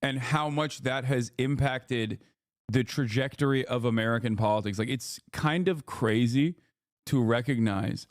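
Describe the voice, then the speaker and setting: A man's voice: mid-range voice, measured pace, dry recording. Streamer guy ranting to chat, swears a lot, dead dry sound. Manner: rambling, profane, lecturing chat. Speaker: livestream host. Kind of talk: casual streaming commentary.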